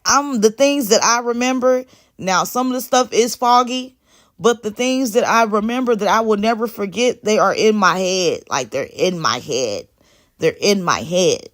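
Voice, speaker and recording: A woman's voice: on the high side, normal speed. A woman talking live to viewers on her phone, emphatic and repeating her phrases as she answers the chat. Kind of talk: casual live stream talk.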